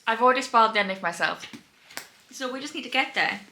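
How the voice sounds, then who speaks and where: Chatty young woman, bright voice. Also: fairly high pitch, fast, slight background noise, poor audio. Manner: chatty, laughs often. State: tired. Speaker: book vlogger. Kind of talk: casual reading vlog. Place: home indoors.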